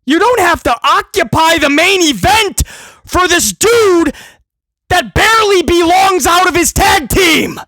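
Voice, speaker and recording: High-pitched man ranting sarcastically. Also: animated, a little slow, dry recording. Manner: ranting, sarcastic, shouting at times. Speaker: wrestling commentator. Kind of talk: heated opinion rant.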